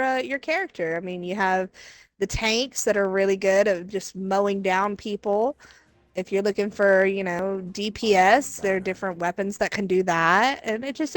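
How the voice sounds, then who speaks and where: A woman streamer chatting casually with friends while gaming, telling animated stories, mimicking people and laughing often. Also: moderate pace, dry recording. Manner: animated storyteller, mimics others in high voices, laughs often.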